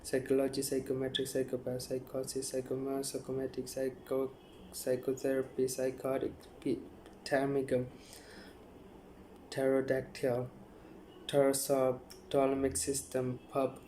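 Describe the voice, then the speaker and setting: Male YouTuber, monotone word-list reader, dark voice, slight stumbles. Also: mid-range voice, measured pace, a little hiss or hum, rough recording. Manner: flat, monotone listing with stumbles. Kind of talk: reading word list aloud.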